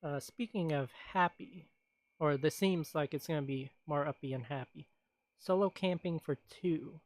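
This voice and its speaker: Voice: mid-range voice, moderate pace, no echo. A streamer in casual stream chat, rambling along with frequent laughs and sighs.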